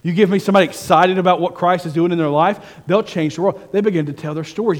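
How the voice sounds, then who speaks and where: A man preaching a sermon as senior pastor, telling stories and swinging from hushed asides to fervent, raised delivery. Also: sits high, fast talker, hardly any pauses, in a large hall.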